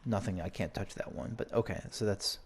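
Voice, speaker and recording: A man's voice: sits low, fairly quick, husky. A man playing a video game, chatting and thinking aloud as he reads and explores. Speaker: game streamer. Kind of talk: let's play commentary and story reading.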